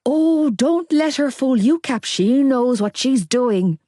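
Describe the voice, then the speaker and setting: A woman's voice: high-pitched, animated, slow pace, mellow, no echo, studio quality, voice pushed up, full character voice. A woman doing a wailing, panicky lad. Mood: panicked, whining. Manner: wailing, whiny and exasperated. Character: panicky young Irish man, driving, whining.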